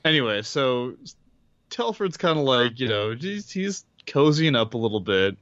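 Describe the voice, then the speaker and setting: A man's voice: mid-range voice, sing-song, moderate pace, fairly bright tone, dry recording, muffled recording. A man co-hosting a podcast, chatting casually and rambling with frequent laughs. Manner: laid-back, rambling, laughs often. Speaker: podcast co-host. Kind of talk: casual book discussion chat.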